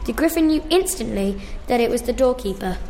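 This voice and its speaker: Woman reading a kids' story out loud, kinda high voice, faint hiss behind. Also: animated. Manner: slow, careful read-aloud with small restarts.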